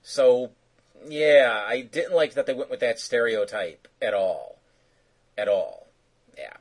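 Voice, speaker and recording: A man's voice: mid-range voice, lively intonation, takes it slowly, husky, poor audio. A man co-hosting a podcast, casually recapping an episode in a rambling, joking way. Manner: rambling, joking, filler-heavy. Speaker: podcast co-host.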